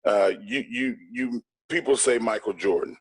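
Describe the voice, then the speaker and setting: A middle-aged man tells a story in an interview, emphatic and blunt, with a boastful edge. His voice sits at an ordinary pitch. The recording is dry, with no room sound. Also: moderate pace, husky, no room sound. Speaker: guest.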